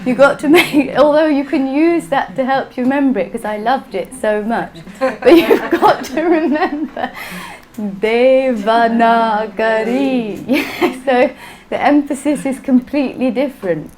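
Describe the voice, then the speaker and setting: A woman's voice: sits high, normal speed, hardly any pauses, darkish tone, low-quality recording. A woman teaching a class, patient and playful, often laughing. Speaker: Sanskrit teacher. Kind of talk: classroom lesson.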